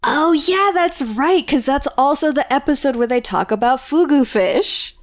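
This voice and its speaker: A woman co-hosting a podcast in casual chat, enthusiastic and quick to laugh. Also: high voice, animated. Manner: enthusiastic, laughs often, chatty with many restarts. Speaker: podcast co-host.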